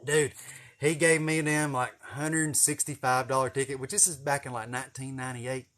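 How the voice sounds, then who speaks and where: A man's voice: medium pitch, level tone, moderate pace, a bit bright. A man in his forties with an East Tennessee accent, telling a rambling, profane, folksy story on his vlog. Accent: Southern US, East Tennessee. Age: 40s. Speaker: vlogger. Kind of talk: casual storytelling.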